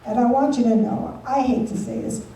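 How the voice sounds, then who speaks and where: A woman's voice: a little high, fairly even intonation, brisk, vocal fry, warm tone. A woman doing a bawdy stand-up comedy set, bantering brashly with the audience at a live show. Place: resort event room, live show. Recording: echoey venue from far off, with audience.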